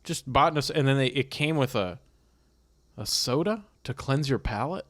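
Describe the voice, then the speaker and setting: A man co-hosting a podcast in casual chat, laid-back and quick to laugh. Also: medium pitch, lively intonation, fairly bright tone, no room sound, clean studio sound. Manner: laid-back, laughs easily, riffs on jokes. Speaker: podcast co-host.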